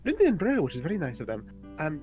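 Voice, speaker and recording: Casual male player, higher voice, light music underneath. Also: huge pitch swings, fast talker, a little mellow. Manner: casual, hesitant, filler-heavy. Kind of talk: tabletop game chat.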